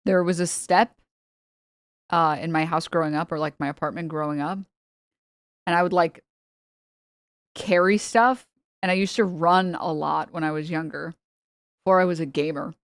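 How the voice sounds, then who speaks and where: A woman's voice: low-pitched, fairly even intonation, normal speed, long pauses, no echo. Heated, swearing woman streamer, dry sound. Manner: heated, profane, exasperated ranting; talks straight to chat. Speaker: streamer reacting to videos. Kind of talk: casual reaction stream.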